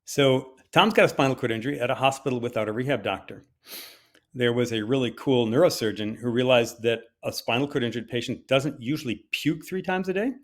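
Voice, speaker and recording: An older man speaks in a mid-range voice, telling a personal story to fellow doctors. He talks in an animated, conversational way, stumbling now and then on fillers. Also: mid-range voice, brisk. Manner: hesitant with fillers at times. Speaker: physician giving a conference talk.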